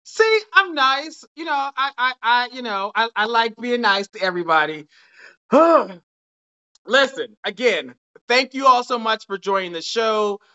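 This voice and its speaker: A man's voice: high voice, lively intonation, moderate pace, bright, forceful tone, smooth, muffled recording. A man hosting a live dating show, chatty and upbeat, losing his voice near the end of the night. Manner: chatty and upbeat, with frequent restarts. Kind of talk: casual live-stream chat.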